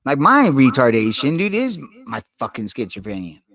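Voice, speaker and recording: A man's voice: mid-range voice, wildly swooping pitch, moderate pace, fairly bright tone, no room sound. A man talking straight to the camera in a rambling personal monologue, intense and heavy on profanity, with many restarts.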